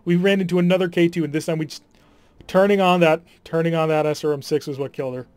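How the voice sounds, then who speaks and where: A man's voice: on the high side, steady tone, quick pace, a little mellow, no room sound. A man commenting casually on his strategy game playthrough, chatty and wry, sighing at setbacks. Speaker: let's play host.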